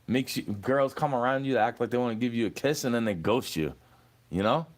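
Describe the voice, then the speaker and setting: A man's voice: mid-range voice, a little fast. A young man ranting at a commenter, profane and confrontational, repeating "bro" as he lectures and threatens. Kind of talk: angry rant at a commenter.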